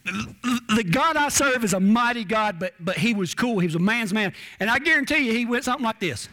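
High-voiced folksy preacher man. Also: animated, a little fast, pushed and bright. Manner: folksy, homespun, repeats words and restarts. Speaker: cowboy preacher. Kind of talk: folksy sermon.

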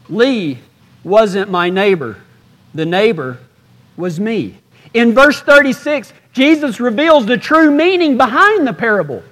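A man, preaching a storytelling sermon from a stage in a folksy drawl that drops to a hush. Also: high voice. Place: stage before a live audience. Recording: reverberant hall.

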